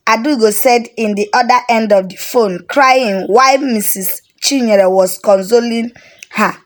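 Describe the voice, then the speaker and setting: A woman narrating a story in a steady, unhurried way. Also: a little high.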